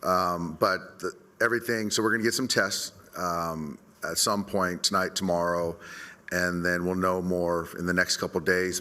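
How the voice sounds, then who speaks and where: A middle-aged team manager answering press questions, halting with many restarts. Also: male voice, deep voice, bright, forceful tone.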